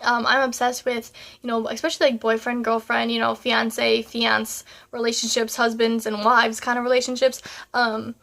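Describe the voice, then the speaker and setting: A woman's voice: a little high, flat delivery, normal speed, creaky, fairly bright tone. Tearful young woman vlogging. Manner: rambling, heartfelt, many fillers. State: tearful, crying at times. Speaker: YouTuber. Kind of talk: casual vlog talk to camera.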